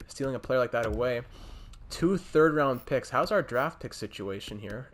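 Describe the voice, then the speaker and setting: A young man talks through his moves in a hockey video game, chatty and loose, restarting sentences and addressing the teams on screen. His voice sits at a middling pitch for a man. He sounds like a gaming channel host thinking out loud. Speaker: gaming YouTuber. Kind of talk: casual gameplay commentary.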